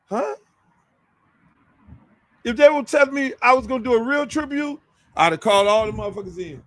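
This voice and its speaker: A middle-aged man hosting his own show, telling casual stories in an animated, profane way. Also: extremely high pitch, fast, rough recording. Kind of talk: casual storytelling.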